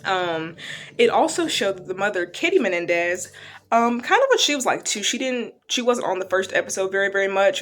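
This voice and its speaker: A woman with a slightly low voice talks through a true-crime series in a relaxed, rambling manner. She leans on "um" and "like" as she goes, and soft music plays faintly behind her. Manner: chatty, loose, lots of fillers and "like". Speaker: true-crime reaction vlogger. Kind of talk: casual retelling of a TV series.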